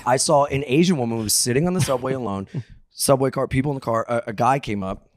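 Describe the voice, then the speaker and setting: A man co-hosting a podcast, telling stories in an animated, laughing way and swearing freely. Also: mid-range voice, fast, slight background noise. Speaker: podcast co-host. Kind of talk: casual podcast storytelling.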